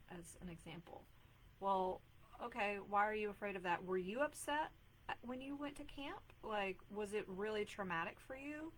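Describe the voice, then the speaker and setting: This is a mom life coach in her thirties on a live video, chatting earnestly with advice and many fillers in a casual live-stream manner. Her voice is medium-pitched and a bit bright, with a rough recording and slight background noise.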